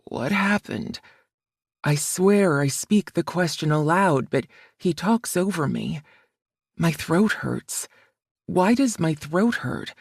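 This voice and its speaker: A woman narrating a romance audiobook in the first person, with a soft, measured, emotional reading. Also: on the low side, lively intonation, gravelly, husky, dry recording, clean studio sound.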